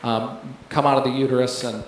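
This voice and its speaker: A man's voice: mid-range voice, fairly even intonation, fairly quick. A man shares a personal story at a church service, wandering through fillers and false starts. His voice echoes heavily around a large room, with faint noise underneath. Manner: rambling, full of fillers and restarts, laughs while telling. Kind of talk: sermon testimony.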